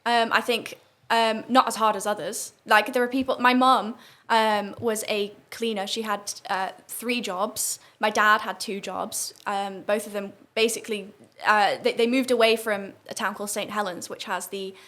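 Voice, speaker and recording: Young northern English woman, guest, fast and full of fillers. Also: medium pitch, steady tone, fairly bright tone. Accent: northern English, softened toward southern English. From northern England. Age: young adult. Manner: fast, with many fillers and restarts. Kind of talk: casual interview talk.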